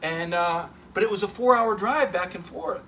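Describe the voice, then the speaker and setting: A middle-aged man hosting a casual sports talk show, animated and emphatic, often turning to listeners with "right?". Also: high voice, moderate pace, slight background noise. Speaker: sports reporter and show host.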